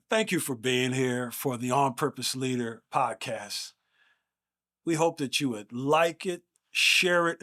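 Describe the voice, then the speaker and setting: A man's voice: mid-range voice, a bit bright. Earnest man hosting a leadership podcast. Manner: earnest, emphatic, rhetorical questions. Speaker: podcast host. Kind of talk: motivational podcast monologue.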